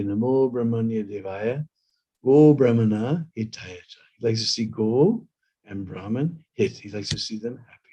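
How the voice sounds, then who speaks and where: A male preacher tells a sacred story in a loose, conversational sermon. He checks in with listeners with a quick "hmm?" in a middle-pitched voice. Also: breathy edge.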